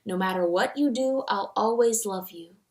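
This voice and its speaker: A woman voicing a gentle mother who speaks to her child in a soft, hushed and soothing way. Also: medium pitch, moderate pace, lightly acted. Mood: tender.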